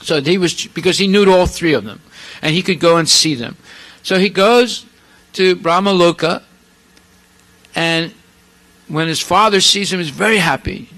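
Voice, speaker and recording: A male preacher telling scripture stories in an animated sermon, acting out the characters with asides to the audience. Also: high-pitched, normal speed, poor audio. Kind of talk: storytelling sermon.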